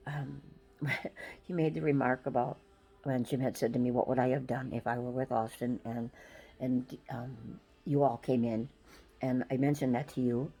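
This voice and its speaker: Tearful woman with a low husky voice. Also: mellow, poor audio. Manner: halting, tearful, many ums and restarts. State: close to tears. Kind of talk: emotional personal farewell message.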